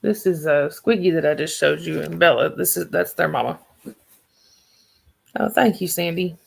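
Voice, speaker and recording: A woman with a Southern accent hosts a livestream at a moderate pace, her low-pitched voice showing vocal fry, a slightly rough texture and fairly even intonation. She chats and rambles with viewers, often restarting sentences.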